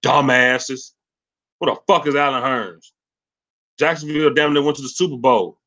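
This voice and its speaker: A man hosting a sports livestream, ranting angrily and cursing, swinging between loud rants and low mutters. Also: moderate pace, pauses often. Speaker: sports channel host. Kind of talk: profane livestream sports rant.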